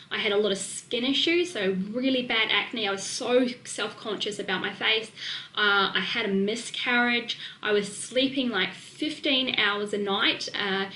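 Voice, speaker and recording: A woman with a New Zealand accent presenting a webinar as a nutrition coach, talking fast and excitedly with fillers. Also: mid-range voice, echoey room, slight background noise.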